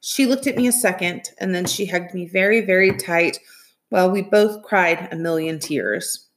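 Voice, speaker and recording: A woman, a teacher, reading a children's novel aloud in a steady, plain narrating voice. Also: on the low side, normal speed.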